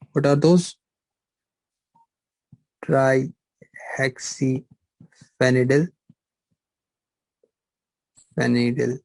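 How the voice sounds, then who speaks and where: A man's voice: medium pitch, creaky, darkish tone, dry recording, poor audio. A middle-aged male pharmacology lecturer, teaching a live online class, repeating points and firing rhetorical questions at students. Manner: repetitive, asks rhetorical questions, teasing.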